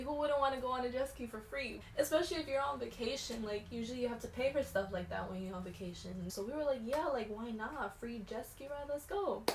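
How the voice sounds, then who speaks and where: A young woman vlogger telling a storytime in casual slangy chat, animated, dropping to hushed tones and rising to shouts. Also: on the high side. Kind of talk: storytime vlog. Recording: echoey room with faint noise.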